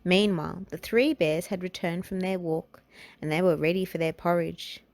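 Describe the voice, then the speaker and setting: A woman reading a children's storybook and nursery rhymes aloud, in a gentle, unhurried way. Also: lowish voice. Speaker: children's book reader.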